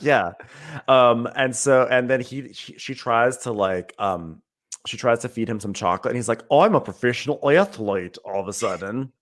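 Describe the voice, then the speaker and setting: A man's voice: medium pitch, normal speed. A man co-hosting a podcast, recapping a movie in casual chat and acting out its lines. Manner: animated storytelling, acts out the movie's lines. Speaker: podcast co-host.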